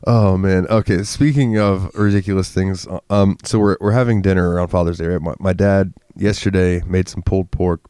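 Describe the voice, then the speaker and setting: Very deep-voiced sick man ranting. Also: little pitch movement, fairly quick, hardly any pauses, mellow, smooth, dry recording, clean studio sound. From Florida. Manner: profane, rambling, gets worked up ranting. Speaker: podcast co-host. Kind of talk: casual chat.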